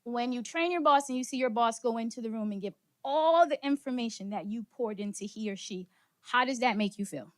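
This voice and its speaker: A lively woman leads a workshop session, pitched a touch high, drawing the room in with questions and quick laughs. She sounds slightly out of breath as she moves through the audience. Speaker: speaker leading a workshop session. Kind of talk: interactive motivational talk. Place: conference room with live audience.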